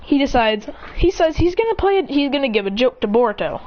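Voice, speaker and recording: A woman narrates a homemade fan story with a lively, bouncing delivery, her voice swinging up high whenever a character speaks. Her voice sits a little high. The recording is slightly muffled, with a faint hiss underneath. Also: fairly quick. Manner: excitable, jumps in pitch for each character. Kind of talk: casual fan-fiction narration.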